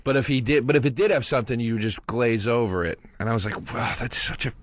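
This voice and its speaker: A man on a podcast asking prodding questions and telling stories in an animated way. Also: mid-range voice, quick pace, a little hiss or hum. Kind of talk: casual podcast chat.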